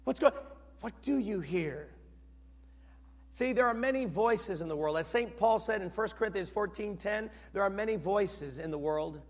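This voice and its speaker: A male pastor preaching a sermon in an animated, dramatic way, acting out scenes with shifting voices. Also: sits high, moderate pace, hardly any pauses. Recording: long reverb of a church hall.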